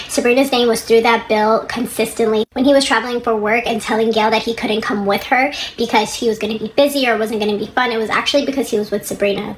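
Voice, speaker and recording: A woman with a slightly high voice tells a story in a casual, chatty way. She is animated and keeps slipping into quoted dialogue. There is faint noise in the background. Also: low-quality recording.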